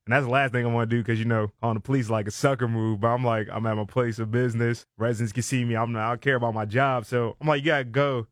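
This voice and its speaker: A man's voice: medium pitch, steady tone, very fast, hardly any pauses, no room sound, studio quality. A young man with a Washington DC accent telling a story in casual chat, animatedly acting out the voices of people in it. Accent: Washington DC area.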